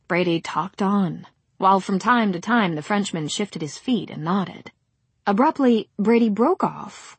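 A woman's voice: mid-range voice, breathy edge, dry recording. Woman reading a novel aloud, really airy voice, dead dry sound. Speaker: narrator. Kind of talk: audiobook narration.

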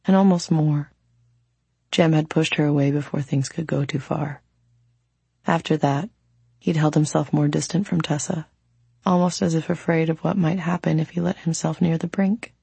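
A woman narrates a novel in a calm, reflective audiobook reading. Her voice is low, dark and gravelly with a husky edge, recorded dry and close. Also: normal speed, no echo. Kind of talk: scripted narration.

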